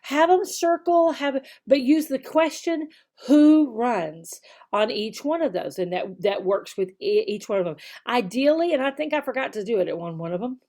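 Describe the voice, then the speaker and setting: A woman online English teacher explaining how to run a demo lesson, alternating her slow, exaggerated classroom voice with casual explanation. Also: fairly high pitch, expressive, darkish tone. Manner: slow, exaggerated teacher talk to an imagined child.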